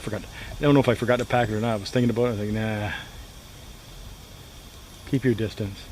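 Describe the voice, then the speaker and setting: A man casually chatting to the camera at a campsite in the woods, rambling and repeating himself in a relaxed way. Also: mid-range voice, rapid-fire. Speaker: outdoor vlogger. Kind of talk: casual solo camping vlog. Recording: outdoor recording with steady background noise.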